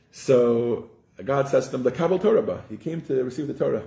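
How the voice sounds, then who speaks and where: In a casual religious class recorded with roomy echo, a man teaching tells lively stories and restarts often. His voice is medium-pitched with vocal fry, and his pace is quick.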